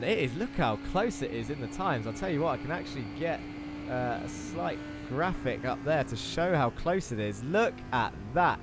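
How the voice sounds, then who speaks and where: A man's voice: mid-range voice, lively intonation, normal speed, music in the background. A man commentating a sim racing broadcast in a chatty, enthusiastic way, talking viewers through the track turn by turn. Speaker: race commentator.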